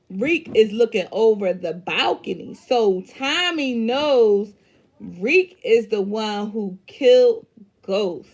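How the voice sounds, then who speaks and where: Slow, animated woman reviewing a show. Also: mid-range voice. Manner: emphatic, animated, swears freely, many fillers. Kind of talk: casual review recap.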